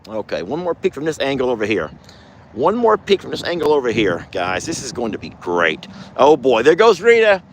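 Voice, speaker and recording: A man's voice: huge pitch swings, brisk, slight background noise. A man hosting a casual farm vlog, sweet-talking his animals. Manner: coos at animals in sweet, high baby talk. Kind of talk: casual chat.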